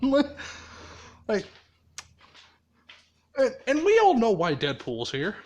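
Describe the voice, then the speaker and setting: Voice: mid-range voice, wildly swooping pitch, slow, long pauses, darkish tone. A storyteller improvising a story in a casual way, laughing often and swearing heavily.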